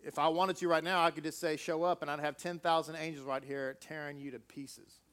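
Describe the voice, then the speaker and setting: A preacher voicing a calm, defiant male prisoner who speaks quickly and flatly to his judge. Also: fairly high pitch, clear, resonant tone, pitched below the performer's own voice, natural voice.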